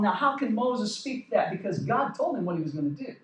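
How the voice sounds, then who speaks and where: Pastor, male, very high voice, lively delivery; echoey church room, mic some distance off. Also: fairly quick, few pauses. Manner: conversational, checks in with the congregation. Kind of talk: sermon. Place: church sanctuary.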